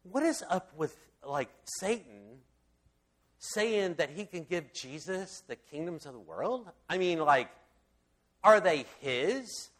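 A man's voice: on the high side, very animated, slow, a bit bright. Rambling, filler-heavy man giving Bible talk. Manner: rambling, full of fillers and restarts; enthusiastic storyteller.

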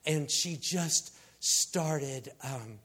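A man preaching a sermon, telling the story in an animated, conversational way and acting out the people in it. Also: fairly high pitch, very slow. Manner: animated, acts out quoted voices, conversational asides.

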